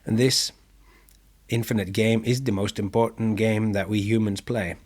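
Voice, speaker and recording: A man's voice: on the low side, fairly even intonation, normal speed, a little mellow. A man hosting a podcast, talking in a thoughtful, meandering monologue with many fillers and restarts. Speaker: podcast host.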